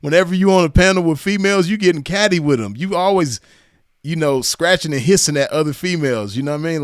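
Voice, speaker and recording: This man from Los Angeles County has a Southern California accent and a voice on the high side, talking fast. He hosts casual reaction commentary on clips, mocking in tone and laughing often, in a studio-quality recording with no echo.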